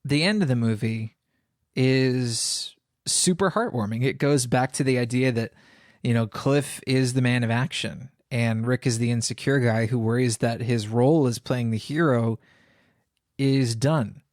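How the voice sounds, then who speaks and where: A man co-hosting a casual film podcast, weighing his points thoughtfully with the odd "um". His pitch is an everyday middle. The sound is close and dry. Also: unhurried, darkish tone, no room sound. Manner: thoughtful, analytical, with fillers. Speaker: podcast co-host.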